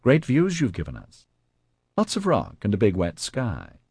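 A man's voice: on the low side, huge pitch swings, moderate pace, darkish tone, husky, dry recording, studio quality, pitched above the performer's own voice, heavily acted. A man voicing a sly, mocking female soldier with a teasing, sing-song manner.

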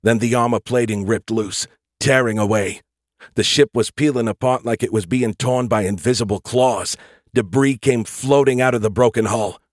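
A man narrating a first-person science fiction audiobook in a steady, earnest storytelling voice. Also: medium pitch, normal speed, no room sound, clean studio sound.

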